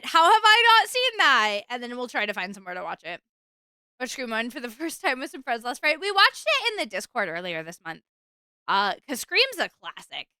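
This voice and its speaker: A bright-voiced young woman chats with her stream, rambling from one thought to the next. Her high voice swoops up and down as she talks, clear and close, in a dry room. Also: no room sound. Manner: chatty, rambling, animated, with fillers and bursts of exasperation. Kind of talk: casual chat with stream chat.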